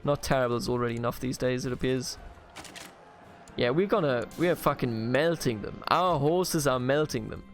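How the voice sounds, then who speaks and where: A man's voice: mid-range voice, normal speed, faint music behind. Man from Bavaria, playful game commentary. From Bavaria, Germany. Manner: playful, mock-grandiose asides to game characters. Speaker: gaming video host. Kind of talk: strategy game let's play commentary.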